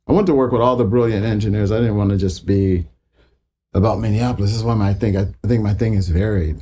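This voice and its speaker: A man in his sixties talks as an interview guest in a relaxed, profane storytelling manner. He often slips into other people's voices as he recounts old exchanges. His voice is warm and dark, with a faint hiss of noise underneath. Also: fairly low pitch, fast talker. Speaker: guitarist guest.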